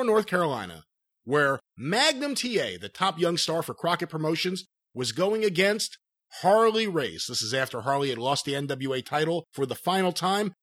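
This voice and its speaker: A man hosting a podcast, introducing a segment in an upbeat, measured way. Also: fairly high pitch, a bit bright. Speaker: podcast host.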